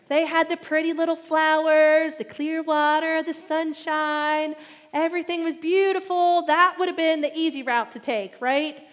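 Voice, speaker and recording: A woman preaches with a high, bright voice that carries through a long, ringing reverb, as if heard in a large hall. Her sermon is animated, and she pushes louder and higher on the points she wants to land. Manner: animated preaching, rising and loud at emphatic points.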